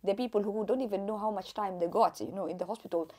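A young woman from Kenya, chatty and animated, telling her own story to camera in a casual vlog, laughing often. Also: mid-range voice, rapid-fire. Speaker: vlogger.

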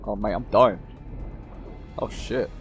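A man's voice: lowish voice, slow pace, soft background music. A man giving casual, joking gameplay commentary, swearing freely as he plays. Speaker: gameplay YouTuber.

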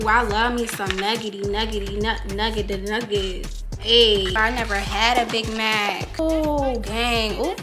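A woman food vlogger in casual taste-test chat, playful and slangy, hyping up her viewers, filmed on a phone. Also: a little high. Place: in a car at a drive-thru, then at home.

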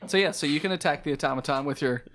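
A man's voice: on the high side, rapid-fire, a bit bright, a little hiss or hum. A man running a tabletop game as game master, playful and laughing as he narrates what happens.

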